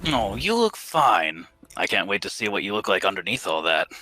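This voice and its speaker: A man playing a character in a tabletop game, speaking haltingly. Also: on the low side, big pitch swings, pushed and bright. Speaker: player.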